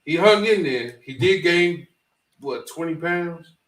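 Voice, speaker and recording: A man co-hosting a podcast, talking laid-back and slangy, with halting restarts. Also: on the high side, animated, a bit bright, recorded from a distance. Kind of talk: casual chat. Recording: roomy echo, off-mic.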